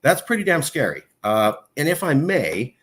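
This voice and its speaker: A man hosting a casual interview, talking in long rambling stretches with many fillers and pitch that jumps high when he gets worked up. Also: very animated, normal speed, a bit bright. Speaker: podcast host.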